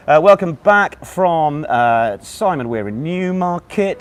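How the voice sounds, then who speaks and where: A man hosts a live quiz stream, out of breath and with a hoarse, worn-out voice. He sits a little high in pitch and chats loosely, greeting viewers by name and reading out their messages. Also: animated, slow pace. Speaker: quiz host.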